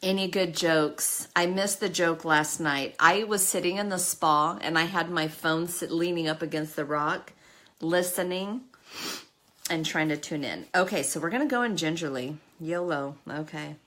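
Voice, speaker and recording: A woman's voice: low voice, moderate pace, fairly bright tone. A woman hosting a live makeup stream, chatty and emotional, talking to her viewers by name. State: tearful at times. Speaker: makeup livestream host. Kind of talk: casual live makeup chat.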